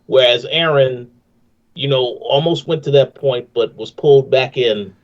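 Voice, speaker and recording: Dude adding a quick comment on a podcast, mid-pitch, kinda muffled audio. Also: male voice. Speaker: podcast co-host. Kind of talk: casual podcast discussion.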